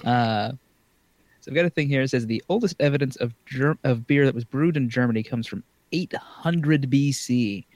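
A man's voice: medium pitch, moderate pace, darkish tone, dry recording. A man co-hosting a casual podcast, joking around and stumbling over foreign words as he reads out notes. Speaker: podcast co-host. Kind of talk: casual chat.

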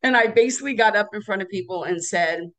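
A woman being interviewed as a guest speaker, telling stories in an animated way and acting out the people in them. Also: medium pitch, fast talker. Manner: animated, acts out the voices in her stories. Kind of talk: casual interview storytelling.

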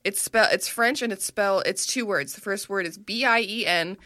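A woman's voice: medium pitch, normal speed, bright, forceful tone, no room sound, studio quality. A woman co-hosting a comedy podcast, teasing and bantering in casual chat. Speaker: podcast co-host.

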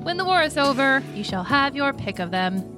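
A woman's voice: high-pitched, sing-song, moderate pace. A woman reading the lines of a witty young prince aloud, over faint music. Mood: dry, wry.

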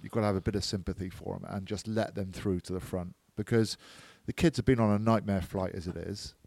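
A man's voice: low-pitched, fairly even intonation, fairly quick, vocal fry, a little mellow, no echo. A man, chatting on a podcast, teasing and grumbling. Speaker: podcast co-host. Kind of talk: casual chat.

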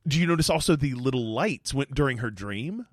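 A man co-hosting a podcast in casual chat, excitable, gasping, laughing and swearing as he talks. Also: medium pitch, moderate pace, dry recording, studio quality. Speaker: podcast co-host.

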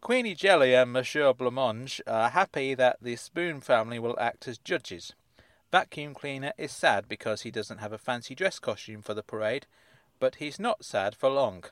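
A man with a mid-pitched voice reads out episode synopses and then mocks them with dry, sarcastic asides. The sound is close and dry, with no room around it. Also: animated, moderate pace, a bit bright, dry recording. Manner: dry, sardonic asides with chuckles. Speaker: host reading and riffing on episode synopses. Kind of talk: casual comic commentary.

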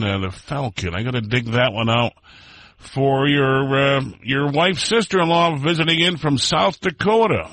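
A man's voice: mid-range voice, fairly bright tone, dry recording. A man hosting a polka radio show, chatting casually and rambling through friendly greetings to listeners. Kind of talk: casual radio chat with listener shout-outs.

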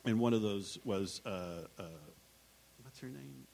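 A man's voice: medium pitch, unhurried, gravelly, darkish tone, a little hiss or hum. A man on a live writers' panel, telling anecdotes in a rambling, self-interrupting way and acting out quotes.

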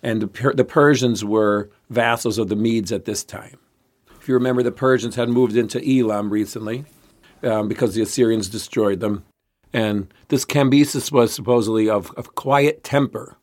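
A man's voice: lowish voice, fairly even intonation, moderate pace, a little mellow. A man co-hosting a casual history podcast, telling the story in a rambling way with many restarts. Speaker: podcast co-host.

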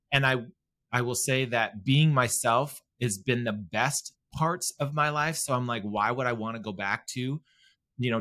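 A man's voice: mid-range voice, pushed and bright. Middle aged guy talking earnestly bout love w his husband, kinda playful, swears some. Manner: earnest, reflective, sometimes playful and profane. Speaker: podcast co-host, married to the other speaker. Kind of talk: emotional casual chat.

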